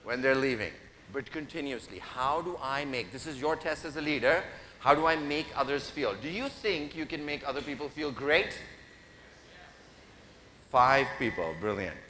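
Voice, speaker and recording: A man's voice: medium pitch, animated, moderate pace, sharp tone. A man giving an interactive keynote speech, playfully teasing and directing the audience from a stage microphone. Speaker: keynote speaker. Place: large conference hall. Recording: reverberant hall, faint noise.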